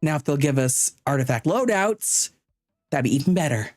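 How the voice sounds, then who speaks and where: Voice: mid-range voice, lively intonation, moderate pace, a little mellow, dry recording, studio quality, soft background music. A streamer giving casual live commentary on a game, chatty and thinking aloud, sometimes stumbling over unfamiliar names.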